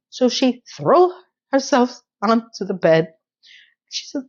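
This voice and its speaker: A woman retells a TV episode in a casual, animated way, playing out the scenes as she goes. Her voice sits a little high. The sound is slightly dull and lo-fi. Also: takes it slowly. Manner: animated storytelling, breaks into laughter. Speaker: recap host. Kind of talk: casual TV recap commentary.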